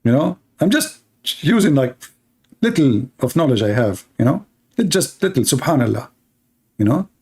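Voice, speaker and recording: A man's voice: mid-range voice, big pitch swings, normal speed, a little mellow, breathy edge. Man mocking in broken English. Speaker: commentator reacting to a clip. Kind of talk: live-stream reaction commentary.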